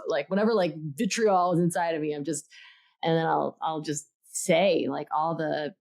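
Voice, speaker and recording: A woman with a notably low voice co-hosts a podcast in casual, earnest chat. She rambles a little and restarts her sentences, with frequent ums along the way. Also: a little mellow. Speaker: podcast co-host.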